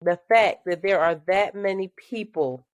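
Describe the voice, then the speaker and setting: A woman co-hosting a podcast in casual chat, animated and laughing as she talks. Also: mid-range voice, unhurried, dry recording, clean studio sound. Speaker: podcast co-host.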